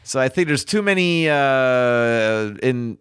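Casual podcast co-host, male, animated delivery with big pitch swings, dry close mic. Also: slow, smooth, dry recording. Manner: rambling, lots of fillers. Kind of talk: casual chat about movie trailers.

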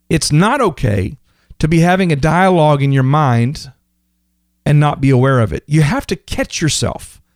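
A man delivers a sermon in a somewhat high voice, sliding into little impressions of people's daily complaints as he preaches. The sound is close and dry, with no room around it. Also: dry recording. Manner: animated preaching, acting out everyday complaints. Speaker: pastor.

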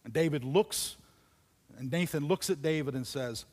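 A man preaching a sermon, telling a story with dramatic pauses and dropping to near whispers for emphasis. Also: fairly high pitch, darkish tone, breathy edge, long reverb tail. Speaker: pastor. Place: church auditorium.

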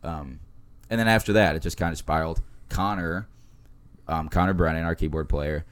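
A deep-voiced man in his twenties, a podcast guest telling laid-back stories with lots of laughs and fillers. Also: normal speed, clear, resonant tone. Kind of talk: casual podcast chat.

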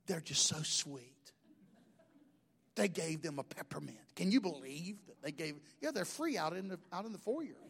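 A man's voice: on the high side, lively intonation, moderate pace, gravelly, fairly bright tone, husky. A middle-aged man, preaching a sermon in a folksy, joking storytelling way. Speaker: pastor.

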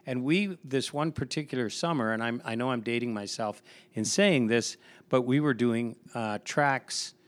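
A man with a medium-pitched voice and moderate pace chats casually on a podcast. He's a pastor telling a work story, with many restarts and repeated words.

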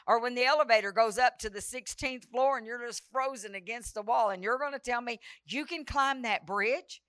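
A woman preaches at a revival with a smooth, resonant voice pitched a little high. She tells a story with dramatic flair and acts out the lines of the people in it. The sound is dry and close. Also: moderate pace, few pauses, fairly bright tone, no echo. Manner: dramatic, breaks into sung prayer, acts out quoted dialogue. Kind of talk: revival sermon with personal storytelling.

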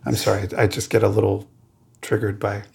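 A man co-hosting a podcast in casual chat, playful and quick to mock himself with little asides. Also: fairly low pitch, level tone, creaky, background noise. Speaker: podcast co-host.

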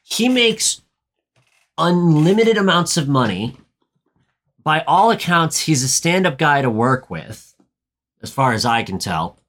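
A man's voice: on the high side, big pitch swings, a bit bright. Dry, wry man podcaster. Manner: dry, wry quips, often rushed asides. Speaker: podcast co-host. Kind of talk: casual movie-recap chat.

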